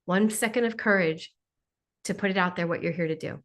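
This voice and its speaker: A woman's voice: lowish voice, brisk. A woman hosting a spiritual Q&A on a live video call, talking in a playful, joking way with sarcastic asides. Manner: playful, jokey, sarcastic asides, mimics voices.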